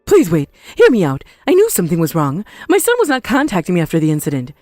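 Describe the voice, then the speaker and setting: A woman's voice: on the low side, huge pitch swings, a little mellow, no room sound, studio quality, faint music behind. Woman voicing a shameless blaming mother-in-law. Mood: pleading. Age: older. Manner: defiant, self-pitying, quick to blame. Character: shameless older mother-in-law, blames others. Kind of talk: dramatized story voice acting.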